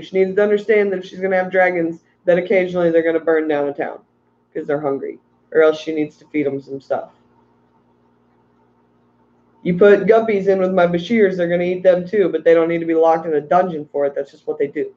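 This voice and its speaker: Short on sleep, a man hosts a casual aquarium-fish livestream, rambling, ranting, and reading out chat messages. His voice is high and quick, and the audio sounds dull.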